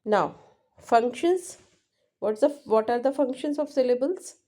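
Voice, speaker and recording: A woman teaching linguistics, explaining exam answers slowly and repeating points, often checking with "right?". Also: a little high, expressive, warm tone. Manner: slow, repetitive, keeps checking with "right?". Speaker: English teacher.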